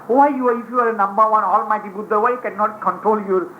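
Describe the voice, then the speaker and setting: A man's voice: high-pitched, fairly even intonation, fast, slight background noise, pitched above the performer's own voice, close to an everyday voice. A monk voicing a skeptical, insistent Brahmin man who fires challenging questions in a raised voice. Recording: muffled 1980s tape recording.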